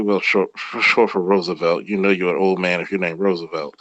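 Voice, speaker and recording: A man in casual chat, telling animated, profane stories and imitating his relatives. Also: deep voice, brisk, few pauses, no echo, low-quality recording.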